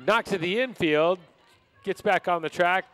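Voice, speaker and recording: An announcer calling roller derby action live in brisk play-by-play. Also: mid-range voice, fairly bright tone, some chatter behind. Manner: brisk play-by-play of skater moves. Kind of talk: live sports commentary.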